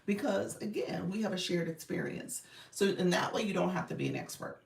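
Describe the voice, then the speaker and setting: Brief: animated woman coach, slightly gravelly voice, live-stream chat, echoey room, a bit off-mic. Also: lowish voice, a little fast, distant mic. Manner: animated, laughs often, addresses viewers as y'all. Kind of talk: casual live-stream chat reading comments.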